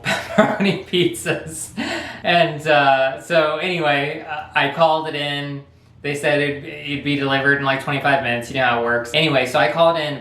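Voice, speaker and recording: A man's voice: mid-range voice, fairly bright tone. A man hosting a vlog, telling a story casually in a rambling way and chuckling often. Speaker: vlog host. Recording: echoey room, faint noise.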